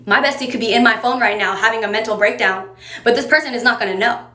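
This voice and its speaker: A woman's voice: a little high, fast, pushed and bright. A woman giving casual, direct advice to camera in a chatty way, coaxing the listener along. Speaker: advice creator. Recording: roomy echo.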